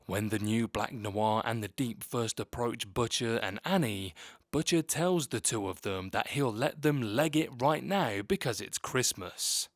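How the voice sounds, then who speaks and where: A man narrating a scripted video essay in a steady, measured read. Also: medium pitch, no echo, clean studio sound.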